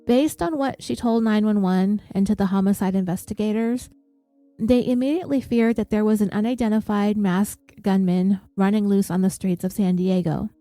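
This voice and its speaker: A woman hosting a podcast, telling a true crime story in a steady, measured way. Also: medium pitch, dry recording, soft background music. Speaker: podcast host.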